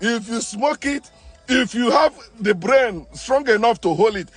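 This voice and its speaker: A man delivering a forceful, preachy monologue, repeating himself and restarting phrases. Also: very high-pitched, expressive, unhurried, breathy edge, faint music behind. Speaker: online commentator. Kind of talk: impassioned monologue.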